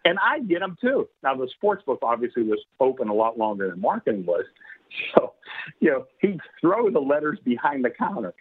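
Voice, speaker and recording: A man's voice: medium pitch, very animated, a little fast, breathy edge. A man telling a long rambling story in casual chat, laughing often and filling with "you know". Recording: tinny phone-like radio line.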